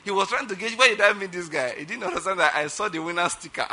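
A man's voice: high-pitched, expressive, fast talker, sharp tone. A middle-aged man preaching a sermon emphatically, often checking that listeners follow his point. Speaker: pastor.

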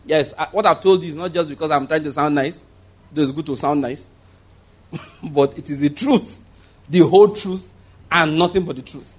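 A man's voice: a little high, normal speed, long pauses, breathy edge. A man preaching a conversational sermon as pastor, rambling through asides and chuckling often.

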